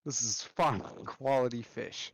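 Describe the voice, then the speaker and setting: A man's voice: medium pitch, a little slow, slightly rough, no echo, rough recording. A man voicing a proud, hot-headed male fisherman in a tabletop role-playing game, speaking in an indignant, blustering way.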